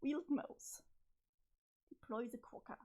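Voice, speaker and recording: A woman's voice: slow pace, mellow, slight background noise. A woman streamer casually reading a webcomic aloud, chatty, laughing often and swearing offhandedly. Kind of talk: casual livestream reading and commentary.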